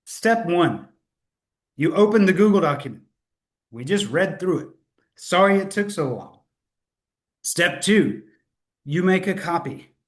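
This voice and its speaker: A man's voice: high-pitched, big pitch swings, unhurried, pauses often. A man hosting a live sales webinar, upbeat and chatty, correcting himself and laughing at his own slip-ups, speaking into a computer mic. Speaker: webinar host.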